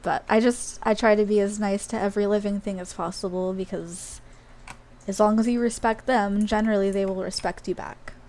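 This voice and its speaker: An Australian game streamer chats casually while playing live, rambling with lots of fillers and asides. Her medium-pitched voice is a little mellow, with fairly even intonation and a slightly fast pace.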